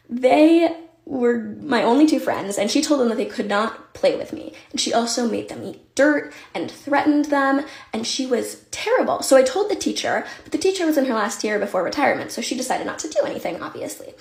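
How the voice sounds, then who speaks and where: A woman's voice: fairly high pitch, creaky, a little mellow. A woman telling a childhood story with sardonic, dry humor. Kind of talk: casual storytime. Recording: echoey room.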